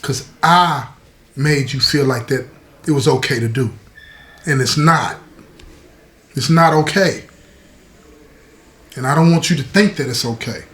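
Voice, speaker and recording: A man's voice: mid-range voice, measured pace, long pauses, fairly bright tone, close to an everyday voice. A man playing a remorseful stepfather who earnestly takes the blame. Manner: earnest, apologetic. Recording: roomy echo.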